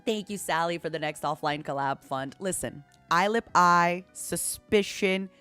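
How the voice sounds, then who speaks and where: A woman streamer chatting casually and telling stories in a playful, animated way. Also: lowish voice, measured pace, clear, resonant tone, faint music behind. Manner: chatty, playful, animated storytelling with put-on quotes. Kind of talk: casual chat and storytelling.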